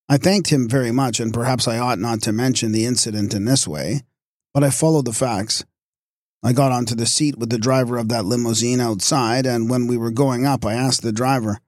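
A man's voice: mid-range voice, normal speed, dry recording, studio quality. A man giving an oratorical lecture, telling scornful anecdotes with acted-out voices. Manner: sardonic, declamatory, scornful asides.

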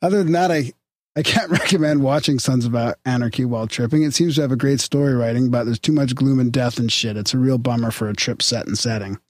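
A man's voice: mid-range voice, fast talker, dry recording. Chill guy on a podcast reading out fan emails, mid voice, dry close mic. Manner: laid-back, reads aloud with chuckles and restarts. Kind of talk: casual podcast banter.

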